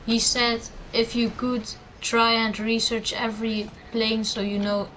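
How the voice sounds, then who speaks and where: A woman's voice: fairly high pitch, little pitch movement, unhurried, fairly bright tone, slight background noise, poor audio. A teenage girl rambling through casual gameplay commentary and tips, with lots of fillers and self-corrections. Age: teen, under eighteen. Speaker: gamer giving tips.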